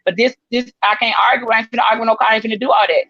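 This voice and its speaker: A woman hosting a casual talk show, blunt and teasing, quick to laugh, on dull lo-fi audio. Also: fairly high pitch, steady tone, fairly bright tone, dry recording. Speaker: show host.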